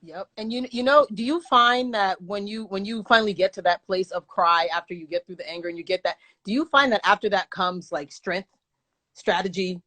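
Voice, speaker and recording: A woman's voice: medium pitch, brisk, sharp tone. A woman hosts a casual interview. She asks her questions in long, meandering runs, restarting and rephrasing as she goes. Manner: rambling questions with many restarts. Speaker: host.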